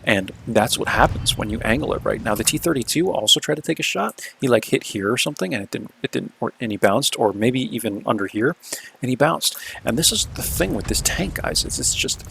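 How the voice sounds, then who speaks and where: A man's voice: medium pitch, expressive, a little fast, vocal fry, bright, forceful tone, slight background noise. A man casually talking through replays of his own games as the video's host, laid-back and chatty, often checking in with "right?".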